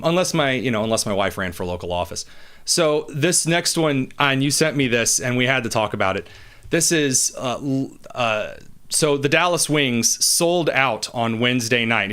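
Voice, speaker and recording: A man's voice: mid-range voice, lively intonation, a little fast, a bit bright, clean tone. Wry man hosting talk radio. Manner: wry and sarcastic, reads listener tweets aloud. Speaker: radio talk show host. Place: radio studio.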